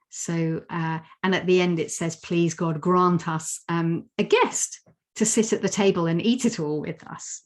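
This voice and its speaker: Unhurried woman teaching a melody. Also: lowish voice, steady tone. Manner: unhurried, teaching melodies by humming and singing them. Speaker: presenter of a song talk. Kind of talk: online talk with sung demonstrations.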